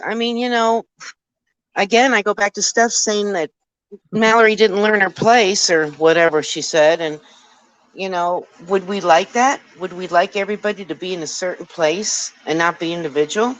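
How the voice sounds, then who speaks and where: A woman's voice: medium pitch, normal speed, fairly bright tone, dry recording. A woman co-hosting a casual live chat, outspoken and teasing, speaking emphatically. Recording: dry muffled lo-fi audio.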